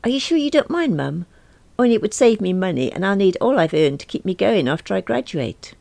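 A woman's voice: medium pitch, big pitch swings, fairly quick, vocal fry, warm tone, dry recording, pitched above the performer's own voice. A woman voicing an earnest, eager young university student daughter, with a slightly preachy manner.

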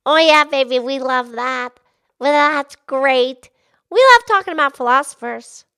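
Woman voicing a cheerful pig host, bubbly, high-pitched, dry close sound. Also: measured pace, pushed and bright, no room sound, exaggerated voice. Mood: upbeat. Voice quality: bubbly, enthusiastic. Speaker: show host. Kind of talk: children's educational show.

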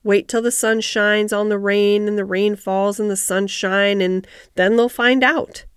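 A grumbling old Yorkshire gardener, as a woman reader puts him on, terse and slow to open up. His gruff, reluctant lines sit in a dry, close storybook recording with no room sound. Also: mid-range voice, steady tone, no room sound, lightly acted. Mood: grudging. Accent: Yorkshire dialect. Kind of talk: audiobook character voice.

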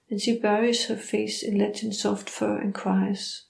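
A woman hosting a podcast, narrating a guided spiritual journey in a calm, meditative manner. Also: mid-range voice, unhurried, vocal fry, hardly any pauses. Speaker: podcast host. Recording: roomy echo.

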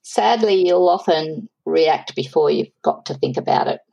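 Low gravelly woman giving relationship advice. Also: normal speed, dark tone, dry recording, muffled recording. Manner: thoughtful, explains with quoted examples. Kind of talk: conversational advice chat.

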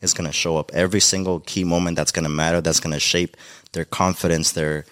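Very deep-voiced man, heartfelt and rambling. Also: flat delivery, fast talker, a bit bright, dry recording, clean studio sound. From Mexico. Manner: heartfelt, rambling with many fillers. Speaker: podcast guest. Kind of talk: emotional casual conversation.

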